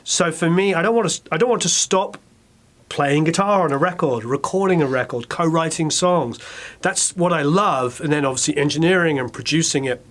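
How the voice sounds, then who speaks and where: Lively English man, higher voice. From England. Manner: animated storyteller, quick asides, acts out quotes. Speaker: record producer, interview guest. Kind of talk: casual interview chat.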